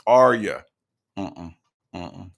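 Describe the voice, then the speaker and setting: A man from the American South hosting casual reaction commentary, animated and mocking, with a gravelly voice. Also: low-pitched, drawn-out words. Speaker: commentary channel host.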